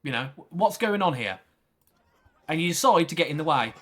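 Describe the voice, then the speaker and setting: A man with a fairly high, bright voice rants over clips on a livestream. His pitch swings up and down as he fires off rhetorical questions and swears freely. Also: normal speed. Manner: animated, profane rhetorical ranting. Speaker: livestream commentator.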